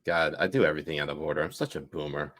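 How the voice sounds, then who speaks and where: A man's voice: extremely low pitch, racing, fairly bright tone. A young man co-hosting an irreverent political podcast, chatting casually and reading out headlines with a joking edge. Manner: jokey, reads headlines with mock dramatic voices, laughs a lot. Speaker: podcast co-host.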